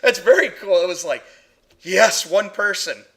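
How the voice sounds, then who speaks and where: A man's voice: sits high, lively intonation, a little slow, gravelly, a bit bright. A talkative man hosting a casual chat, laughing easily. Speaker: podcast host.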